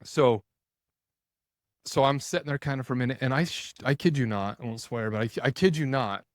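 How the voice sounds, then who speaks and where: A man in his forties, a podcast guest, telling a story in a casual, animated way, full of restarts and quoted thoughts. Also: medium pitch, brisk, dry recording, studio quality. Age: 40s.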